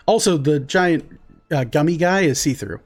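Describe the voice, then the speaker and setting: A woman narrating as the game master of a tabletop game, describing scenes calmly and in detail. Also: low-pitched, normal speed, faint music behind.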